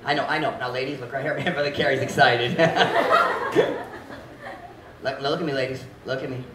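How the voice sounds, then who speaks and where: A male pastor preaching a sermon, mixing in Visayan phrases, swinging between loud, forceful shouts and hushed, earnest passages. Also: medium pitch, fairly even intonation, fast talker, very noisy. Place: church hall. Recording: echoey hall, mic at a distance.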